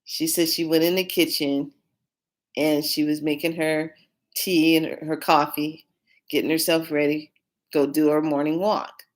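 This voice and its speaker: Low-voiced chatty woman card reader. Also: measured pace. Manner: chatty and animated, retelling conversations. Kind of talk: casual storytelling to camera.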